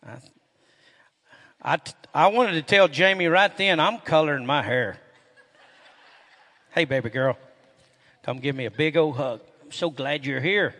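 A man's voice: fairly high pitch, measured pace, pauses often. Folksy man preaching in a hall. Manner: folksy storytelling, animated and loud when excited. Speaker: pastor. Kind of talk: sermon. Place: church sanctuary. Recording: echoey hall with long reverb.

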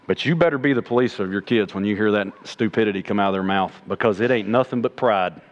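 A man preaching a sermon in a plainspoken, folksy way, swinging from loud exhortation to low mocking asides. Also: quick pace, highs cut off. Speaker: preacher and middle school coach.

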